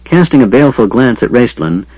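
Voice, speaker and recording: A man narrating an audiobook in a measured, expressive manner. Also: medium pitch, breathy edge, no room sound, muffled recording. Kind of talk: scripted narration.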